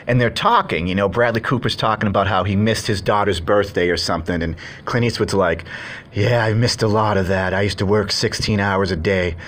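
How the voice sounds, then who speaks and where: A man's voice: mid-range voice, fairly bright tone. A man giving a casual, chatty movie review, retelling the story in a rambling way.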